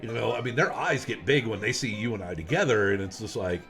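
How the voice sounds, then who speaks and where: A man's voice: on the low side, quick pace, fairly bright tone, soft background music. A man co-hosting a podcast in casual chat, agreeing with his co-host and repeating words as he searches for what to say. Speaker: podcast co-host, festival performer.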